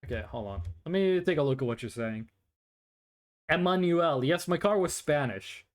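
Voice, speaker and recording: Man, high voice, lively, casual chat with viewers, thinking aloud with ums. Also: normal speed. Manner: rambling, reads chat aloud, frequent ums. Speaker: streamer. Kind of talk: casual live-stream chat.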